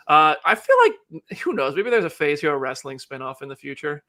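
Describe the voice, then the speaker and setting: A man hosting a live show, chatting casually and joking, rambling with quick restarts. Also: fairly high pitch, animated, pushed and bright. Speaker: host.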